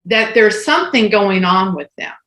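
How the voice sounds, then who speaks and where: A woman's voice: mid-range voice, normal speed. A woman in her sixties, co-hosting a casual talk and telling a personal story, acting out the dialogue. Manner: animated storyteller who acts out quoted dialogue. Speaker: co-host. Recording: roomy echo.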